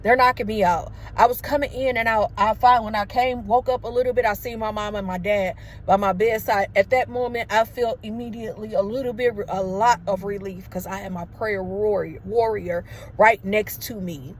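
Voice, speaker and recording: A woman's voice: mid-range voice, fairly even intonation, normal speed, a little hiss or hum. A woman in her thirties telling a personal story to her viewers in a casual, emotional way. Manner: emotional, conversational, addresses viewers as y'all. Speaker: vlogger. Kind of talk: storytelling to camera.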